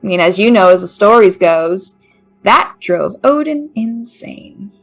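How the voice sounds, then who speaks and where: A woman's voice: medium pitch, animated, a little slow, faint music behind. A woman running a tabletop game as game master, narrating in a loose, casual way.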